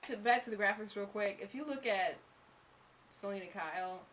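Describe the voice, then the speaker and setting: A woman's voice: mid-range voice, normal speed, fairly bright tone, a little hiss or hum. A woman co-hosting a casual video game review, chatty and often trailing off mid-sentence. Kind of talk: casual chat.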